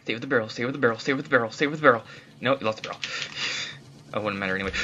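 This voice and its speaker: A let's play host giving live gameplay commentary, excitable, swearing often and talking to the game. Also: mid-range voice, racing, faint music behind.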